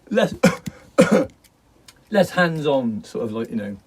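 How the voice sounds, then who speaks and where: A man's voice: medium pitch, sing-song, slow pace, far from the mic, slight background noise, low-quality recording. A middle-aged man vlogging from his garden, rambling in a jokey way and laughing often. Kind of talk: rambling casual monologue.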